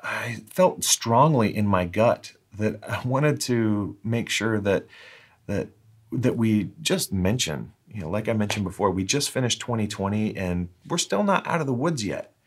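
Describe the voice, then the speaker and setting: A pastor gives a heartfelt sermon, pausing and restarting as he searches for words. His voice sits a little low for a man. When he reads scripture, he slows down and lingers over each phrase. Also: animated, husky. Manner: earnest, halting with restarts, slows down for scripture reading.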